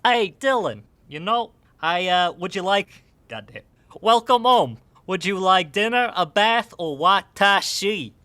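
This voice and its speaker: A man's voice: sits high, expressive, a little slow, bright, forceful tone, no room sound, exaggerated voice. A man voicing a tough male gangster with a put-on Boston accent and old-school mobster bluster. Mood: mock-sweet. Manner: threatening in a jokey tough-guy way.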